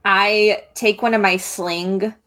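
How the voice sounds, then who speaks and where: A woman's voice: medium pitch, fairly even intonation, slow, a bit bright. A woman playing a tabletop game, talking animatedly and laughing often. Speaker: player. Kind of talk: casual game talk.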